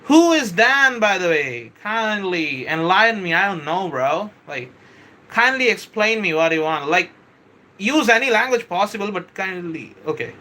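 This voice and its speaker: A man hosting a live stream, chatting with viewers, reading their comments aloud and explaining a software model, often saying "bro" and "kindly" and correcting himself as he goes. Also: high-pitched, sing-song, normal speed. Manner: self-correcting, hesitant restarts. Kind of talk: casual live-stream teaching.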